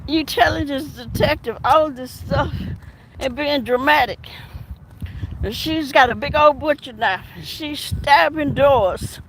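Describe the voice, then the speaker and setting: A woman's voice: sits high, measured pace, poor audio. A woman and former detective giving casual commentary on an outdoor walk, her mouth numb from dental work, talking in a drawl with laughing asides. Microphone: phone. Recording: loud outdoor background noise.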